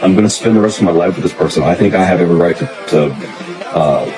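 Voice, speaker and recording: A man with a very deep voice rants straight to camera, blunt and intense, with swearing peppered through every sentence. Loud music plays under the clip. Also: fast talker, rough recording. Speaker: dating content creator. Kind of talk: ranting to camera.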